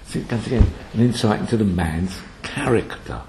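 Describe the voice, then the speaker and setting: A man's voice: lowish voice, animated, normal speed, hardly any pauses, a little mellow, echoey room, a little hiss or hum, poor audio. A man giving a scripture lecture, reading Hebrew verses and then translating and explaining them. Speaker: Bible lecturer.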